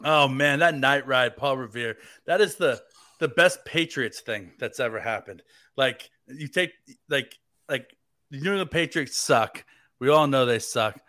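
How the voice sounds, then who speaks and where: A man's voice: mid-range voice, unhurried, pushed and bright, no echo, studio quality. An American man hosting a casual sports podcast, rambling and joking, with lots of "like". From United States. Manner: rambling and jokey, heavy use of "like". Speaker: fill-in podcast host.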